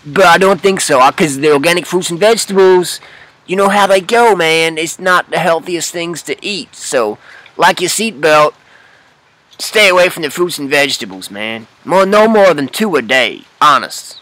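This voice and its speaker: A man's voice: a little high, animated, moderate pace, bright, forceful tone. A man putting on a parody impression of a crude male Hollywood actor who rambles profanely about craving drugs. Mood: drawling. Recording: echoey room, far from the mic.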